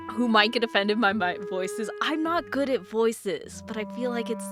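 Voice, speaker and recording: A woman chatting casually and laughing at herself while playing a video game. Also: fairly high pitch. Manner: chatty, giggly, self-deprecating. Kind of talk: casual let's-play commentary. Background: game music.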